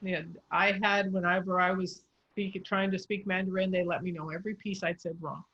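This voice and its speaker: A woman's voice: fairly low pitch, flat delivery, a little fast, dull audio. A woman speech coach explaining English pronunciation in an encouraging, patient way. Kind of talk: coaching session.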